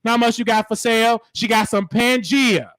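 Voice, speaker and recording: A man's voice: extremely high pitch, fairly even intonation, moderate pace, fairly bright tone, no echo. A man delivering a comedic mock sermon in a preachy, scolding church cadence. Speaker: host.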